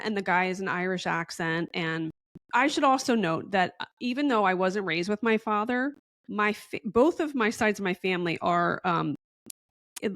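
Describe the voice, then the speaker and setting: A woman's voice: medium pitch, a bit bright, no echo, studio quality. A woman guest in a casual podcast interview, telling a long story in a chatty, rambling way and acting out the dialogue.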